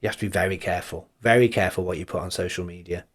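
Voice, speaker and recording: A man's voice: low voice, steady tone, rapid-fire. A man co-hosting a podcast in a casual chat, teasing his friend and mimicking other people's voices for laughs. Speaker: podcast co-host.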